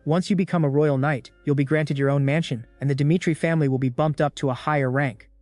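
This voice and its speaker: A pushy royal envoy, as a man reading a story puts him on, talks persuasively and pleads. His voice is fairly high. It is recorded dry and close. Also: fairly even intonation, quick pace, darkish tone, dry recording, soft background music, lightly acted. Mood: persuading.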